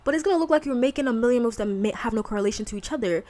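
A woman's voice: on the high side, lively intonation, rapid-fire, mellow. Candid woman in casual faith talk. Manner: candid, conversational, colloquial with frequent fillers. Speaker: podcast host.

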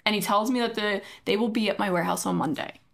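A woman's voice: medium pitch, quick pace, vocal fry. A woman co-hosting a podcast, telling a hectic story in casual chat and acting out what people said. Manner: animated storytelling, acting out quoted dialogue. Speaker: podcast co-host.

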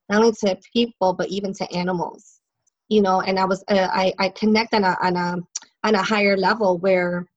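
A woman psychic chats through stories in a casual interview, laughing often and leaning on plenty of fillers. Her voice is medium in pitch, and the audio has its highs cut off.

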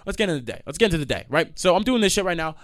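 A young man telling a profane, animated storytime rant, acting out the people in his stories. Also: on the high side, very fast, no echo, studio quality. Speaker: vlogger. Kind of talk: ranting storytime monologue.

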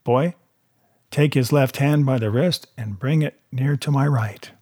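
A man voicing a cruel blind old beggar in a storybook reading, with a husky voice and a sing-song manner that turns to cold threats. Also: mid-range voice, unhurried, mellow, natural voice. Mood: menacing. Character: cruel blind old male beggar, soft-spoken, menacing.

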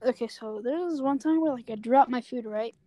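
High-voiced woman telling rambling stories. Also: brisk, warm tone, no echo. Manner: rambling storyteller, heavy on filler words. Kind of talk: casual chat. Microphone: phone on a call, no headset.

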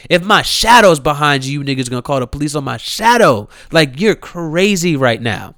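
Man, 30s, impassioned rant, swings wildly up and down in pitch, dry close sound. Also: very animated, normal speed, few pauses, fairly bright tone, no echo. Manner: heated, incredulous, swears freely, repeats himself.

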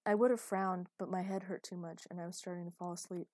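A woman reading a first-person romance novel aloud, in a steady, intimate storytelling manner. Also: lowish voice, fast, no room sound. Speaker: narrator.

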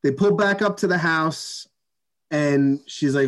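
A man's voice: medium pitch, fairly even intonation, a little slow. A man in casual chat, rambling through a movie recap with swearing and quoted dialogue.

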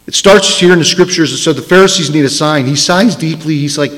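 Male rabbi preaching, emphatic storyteller, high voice, long hall reverb. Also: a little fast, fairly bright tone. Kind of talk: sermon.

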